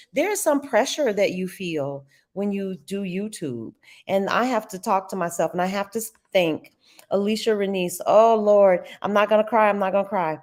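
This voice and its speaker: A middle-aged woman hosting a live trading stream, chatting casually and expressively with her viewers. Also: mid-range voice. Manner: chatty and expressive, talks to chat as y'all.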